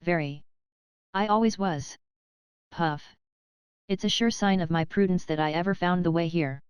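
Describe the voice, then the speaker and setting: A woman reading the lines of a composed, strong former soldier in a storybook, speaking calmly and bluntly. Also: fairly low pitch, fairly quick, clean tone, no room sound, lo-fi sound, close to an everyday voice. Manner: calm, blunt, steady. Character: gruff composed old soldier, big and strong.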